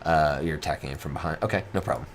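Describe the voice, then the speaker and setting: A man narrating a tabletop game as game master, relaxed and chuckling, with many fillers. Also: rumbling low, very fast, a little hiss or hum.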